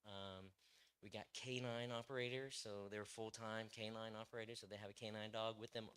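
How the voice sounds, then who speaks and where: A man's voice: lowish voice, little pitch movement, a little fast, fairly bright tone, smooth. A young man, a police officer, speaking as a guest to a church group in a rambling, casual way with many fillers and restarts.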